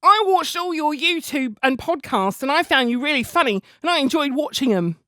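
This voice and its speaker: A man voicing a woman fan reading out her own message in a put-on accent, sing-song and bright. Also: very high-pitched, animated, moderate pace, no echo, clean studio sound, voice pushed up, heavily acted. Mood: chirpy.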